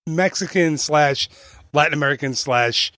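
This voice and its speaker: A man chatting as co-host of a travel podcast, his voice sitting a little high for a man. He rambles, jokes and stumbles over his phrasing before pushing on. The sound is dry and close to the mic. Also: moderate pace, pushed and bright, no echo. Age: adult. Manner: rambling, joking, trips over words and restarts. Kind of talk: casual travel podcast chat.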